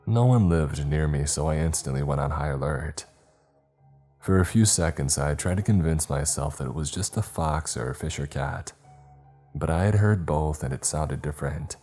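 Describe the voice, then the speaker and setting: A man narrating a first-person horror story in a steady, grave manner. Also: a bass voice, moderate pace, soft background music.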